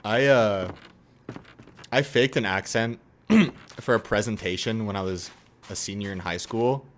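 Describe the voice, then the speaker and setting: A man's voice: lowish voice, a little slow, slight background noise. A young adult man streaming, chatting casually in a rambling way, full of fillers and swearing and often laughing. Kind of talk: casual chat.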